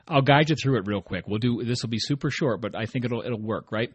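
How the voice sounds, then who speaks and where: Quick-paced with few pauses, his mid-range voice has lively intonation and a breathy edge in a dry recording. He's a man hosting a motivational podcast on his own, earnest and chatty, often adding "right?"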